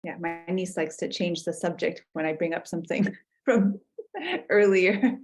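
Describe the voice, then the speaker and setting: Woman, lowish pitch, host, halting questions. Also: expressive, a little mellow. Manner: hesitant, many fillers. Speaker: host relaying audience questions. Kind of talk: casual talk show questions.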